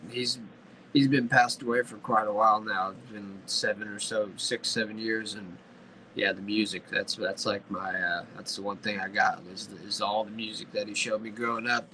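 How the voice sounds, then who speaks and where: A man who is a guest on a casual podcast chat, talking in a laid-back, halting way with casual swearing. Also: fairly low pitch, steady tone, pushed and bright, a little hiss or hum, low-quality recording.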